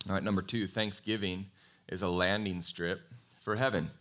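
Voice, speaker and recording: A man preaching a sermon in a conversational, animated way, telling a Bible story and asking his congregation questions. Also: sits low, moderate pace. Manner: animated storytelling, acts out quoted voices. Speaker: pastor.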